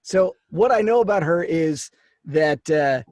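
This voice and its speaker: A man's voice: fairly high pitch, lively intonation, a little slow, darkish tone, no echo, studio quality. A man co-hosting a comedy podcast, dropping wry joking asides between his co-host's rants. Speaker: podcast co-host. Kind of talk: casual comedic podcast banter.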